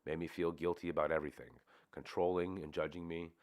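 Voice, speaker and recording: A man reading the part of a troubled young man under hypnosis, in a halting, hushed way. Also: low-pitched, little pitch movement, close to an everyday voice. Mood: tearful.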